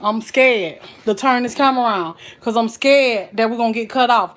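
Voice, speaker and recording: A woman's voice: a little high, moderate pace, fairly bright tone. A woman chatting folksily while cooking on a live stream, calling her viewers child and honey. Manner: folksy and chatty, full of endearments.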